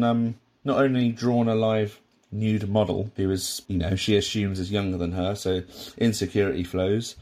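A podcast host reviews a sitcom episode in casual, rambling commentary, restarting often and adding asides. His voice is lowish and a little mellow.

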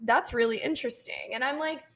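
A woman's voice: fairly high pitch, fairly quick. A young woman co-hosting a podcast, telling a dating story in casual chat, acting out what people said and laughing often. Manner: animated, quotes people in her own voice, laughs often. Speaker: podcast co-host.

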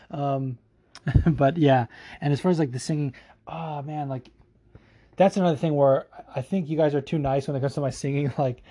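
A man's voice: mid-range voice, fairly even intonation, normal speed, mellow. A man hosting a casual solo podcast, answering listener questions in a rambling, profane way with frequent laughs and restarts.

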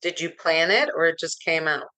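A woman's voice: low voice, normal speed, pushed and bright, poor audio. A woman hosting a talk show, asking brief questions and encouraging her guest. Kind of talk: interviewing a guest.

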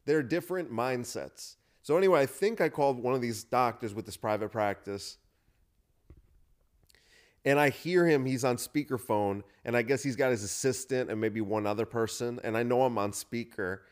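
A man's voice: medium pitch, moderate pace. A man hosting a podcast, telling a rambling story in a self-deprecating, casual way, full of restarts and fillers. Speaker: podcast host, comedian.

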